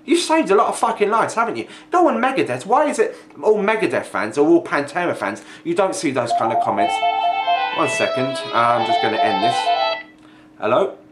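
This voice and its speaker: A man's voice: high voice, very animated, brisk, loud music behind the voice. A young man ranting angrily in a vlog, sweary and mocking, sounding exasperated. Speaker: video ranter. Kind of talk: angry vlog rant.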